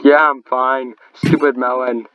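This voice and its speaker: A man voicing the tired young man Fever in a fan-made game cutscene dub, speaking casually and slowly. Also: medium pitch, flat delivery, very noisy. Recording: loud music underneath.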